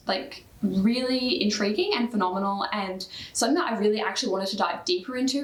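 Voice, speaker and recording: Chatty Australian woman in an echoey room. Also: medium pitch. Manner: chatty, fillers of "like", quick bursts. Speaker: book vlogger. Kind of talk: casual book review chat.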